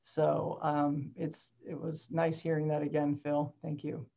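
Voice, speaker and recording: Woman doctor in her 40s, low-ish voice, muffled lo-fi call audio, thoughtful and halting. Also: monotone, vocal fry, dark tone. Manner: hesitant, reflective, with restarts. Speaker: doctor and guest author.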